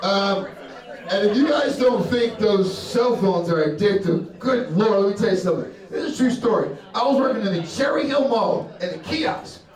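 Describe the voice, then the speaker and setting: A young adult male comic, brash and profane, works a comedy club crowd and laughs along at his own jokes. His high voice is expressive and moves at a moderate pace. The live recording is roomy and distant, picking up the audience.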